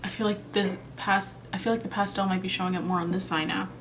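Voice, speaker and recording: A woman's voice: mid-range voice, flat delivery, fast, a bit bright, slight background noise. A young woman chatting casually in a makeup review vlog, thinking aloud and second-guessing herself. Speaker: beauty vlogger.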